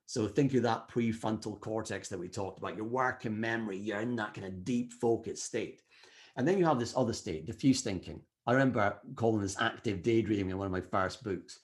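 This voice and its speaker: Energetic man giving a motivational talk. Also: lowish voice, brisk. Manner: energetic, acts out quoted inner voices. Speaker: speaker at a wellbeing summit.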